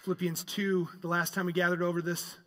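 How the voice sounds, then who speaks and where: A man preaching a sermon in a church sanctuary. His voice sits high and bright, and it rings out through a long hall reverb. He swings between loud, emphatic passages and hushed, reflective asides. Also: level tone, fairly quick. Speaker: pastor.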